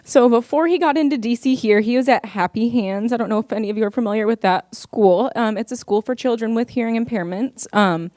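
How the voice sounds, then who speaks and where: A woman's voice: on the high side, a little fast, few pauses, a little mellow, dry recording, studio quality. A young woman speaking to an audience as a parent, in an earnest, heartfelt personal speech with frequent ums.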